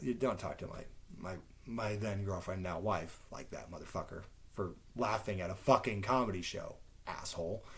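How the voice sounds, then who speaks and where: Rambling, swearing man telling a story. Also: mid-range voice. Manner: rambling, swears often, animated retelling with quoted voices. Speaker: podcast host. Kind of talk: casual storytelling.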